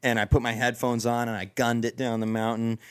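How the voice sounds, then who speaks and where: A man on a podcast rambles through a story in a casual chat, backing up and restarting his sentences. His voice is getting hoarse, and the sound is dry and close with no room around it. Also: mid-range voice, flat delivery, a little fast, dry recording. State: voice going hoarse. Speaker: podcast host.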